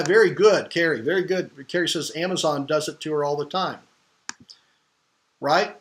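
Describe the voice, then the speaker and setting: Middle-aged male marketing trainer, somewhat high-pitched, emphatic and questioning, loose live-class delivery. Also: fairly bright tone. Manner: emphatic, questioning the audience, many restarts.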